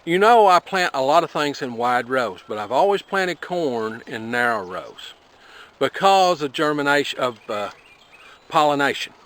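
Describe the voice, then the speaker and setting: A man explaining how he plants his corn in a relaxed, folksy step-by-step way, talking to the camera outdoors on his farm. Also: mid-range voice, measured pace. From Appalachia. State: out of breath after planting. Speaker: homesteading vlogger.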